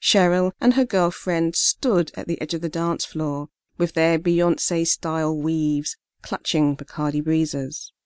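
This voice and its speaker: A woman reading a short story aloud in a steady, measured way as an audiobook narrator. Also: low voice, no room sound, studio quality.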